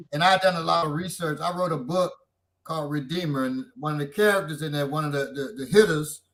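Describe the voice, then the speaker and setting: A middle-aged man from Chicago talks in a casual, animated way, his pitch and loudness swinging as he tells a story. His voice is bright and forceful and sits a little high for a man. He has a Chicago accent. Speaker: podcast host. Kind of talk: casual chat.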